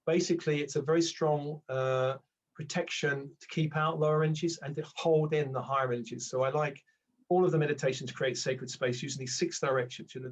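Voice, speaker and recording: A man's voice: on the high side, poor audio. An older man, a spiritual teacher guest, talking reflectively in a conversational interview and now and then acting out voices. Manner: reflective, rambling with restarts, acts out inner voices.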